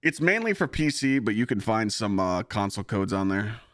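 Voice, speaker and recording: A man's voice: fairly low pitch, very animated, moderate pace, a bit bright, no echo, clean studio sound. Laid-back rambling male streamer. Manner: laid-back, rambling, swears, many "you know"s. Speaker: game streamer. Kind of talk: casual chat with stream viewers.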